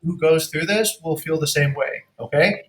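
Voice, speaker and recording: A man's voice: fairly high pitch, moderate pace, reverberant. A man coaching negotiation in a casual way, acting out example lines and laughing often.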